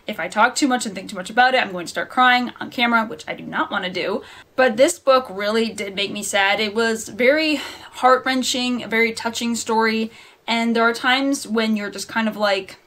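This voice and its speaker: A woman's voice: on the high side, a bit bright. A young adult woman chatting to camera in a casual book review vlog, rambling and laughing at her own slips. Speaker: book vlogger.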